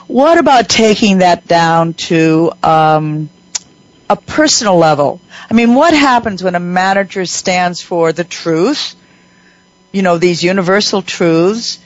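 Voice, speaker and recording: A woman hosting a radio talk show, telling a workplace story with lively acted-out dialogue. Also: fairly low pitch, slow, highs cut off. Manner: animated storyteller, acts out quoted voices.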